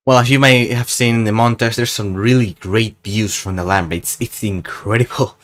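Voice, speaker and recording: A man's voice: on the low side, normal speed, few pauses. A young man from Spain, chatting casually in a travel vlog in a rambling, self-mocking, jokey way. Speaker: gaming YouTuber.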